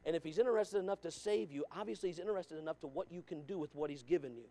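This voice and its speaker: A pastor preaching a sermon with emphatic repetition, calling out listeners by name. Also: male voice, on the high side, very fast, warm tone. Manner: emphatic, repeats lines, calls out listeners by name.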